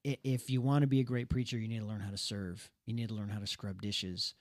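A man's voice: lowish voice, flat delivery, fast, a little mellow, no echo, clean studio sound. A young man co-hosting a casual talk, telling a personal story earnestly with many restarts. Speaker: podcast co-host.

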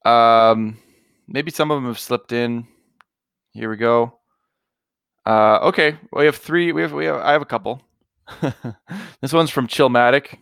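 A man's voice: mid-range voice, unhurried, vocal fry, long pauses, fairly bright tone, clean tone, no echo, clean studio sound. A man co-hosting a casual podcast, talking emphatically and getting worked up over small opinions. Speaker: podcast co-host. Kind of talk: casual chat.

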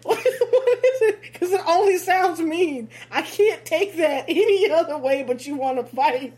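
A woman co-hosting a podcast in casual chat, laughing constantly and talking in animated slang. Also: extremely high pitch, unhurried. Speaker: podcast co-host.

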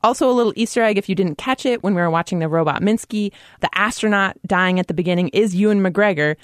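A woman's voice: medium pitch, quick pace, no room sound, studio quality. A woman co-hosting a podcast, chatting eagerly about a TV episode. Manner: chatty, enthusiastic about references. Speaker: podcast co-host. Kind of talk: casual recap chat.

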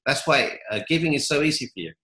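A man's voice: on the high side, expressive, fast, bright, forceful tone, echoey room, slight background noise, low-quality recording. A man giving upbeat motivational answers in an interview, telling stories. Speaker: guest, coach.

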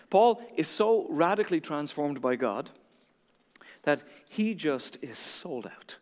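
High-voiced male preacher in a reverberant hall. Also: very animated, slow pace. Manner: dramatic storytelling, swings from hushed to emphatic. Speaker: pastor. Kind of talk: sermon.

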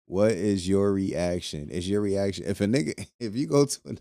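A man's voice: sits low, normal speed, gravelly, mellow, no echo, clean studio sound. A young man hosting a casual podcast, talking loosely with lots of profanity and laughing between lines. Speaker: podcast host. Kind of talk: casual solo podcast commentary.

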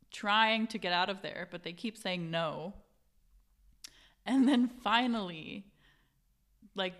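A young woman in casual chat, telling a story with lively quoted voices, swearing and laughing. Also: mid-range voice. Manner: animated, acts out quotes, swears, laughs often.

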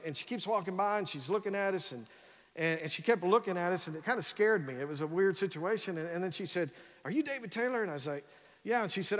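A man preaching a sermon as pastor, talking energetically, often saying "come on" and restarting his words. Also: high voice. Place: church sanctuary. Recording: long reverb of a large church hall.

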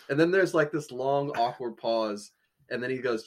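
A man co-hosting a casual podcast, telling a story with lots of laughter and animated asides. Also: mid-range voice, moderate pace. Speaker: podcast co-host.

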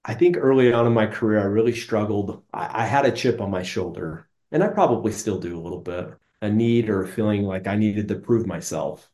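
A man's voice: lowish voice, brisk, few pauses, dark tone. A man in his thirties from Utah, a business guest telling his career story in an earnest, conversational way. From Utah, United States. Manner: earnest, conversational, frequent restarts. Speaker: interview guest, business executive. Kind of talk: reflective storytelling.

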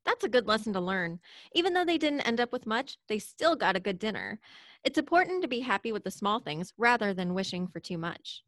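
A woman's voice: mid-range voice, very animated, fairly quick, a bit bright, no echo, studio quality. A woman presenting for a library, reading a scripted discussion.

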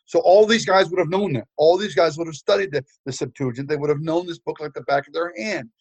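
An older male preacher spins a story in a lively, joking sermon style, stumbling over fillers and restarts. His voice sits a bit high for a man. The recording is dry, with no room echo. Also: fast talker, slightly rough, dull audio. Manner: animated, humorous, many fillers and restarts.

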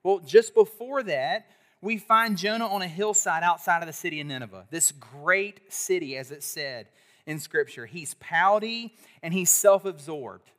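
Guy preaching at church, kinda high voice, bright and punchy, does call and response. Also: a little slow. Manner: animated, leads congregation in call-and-response. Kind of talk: sermon. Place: church service.

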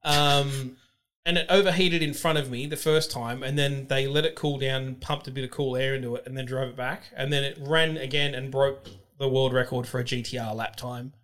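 A man telling excited stories in casual chat, swearing freely and using lots of fillers. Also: medium pitch, normal speed. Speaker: podcast guest.

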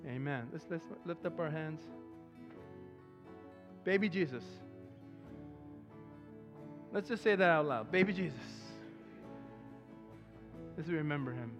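A man preaching a sermon as pastor, talking to the congregation in a relaxed way and breaking into loud excited bursts. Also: on the high side, muffled recording.

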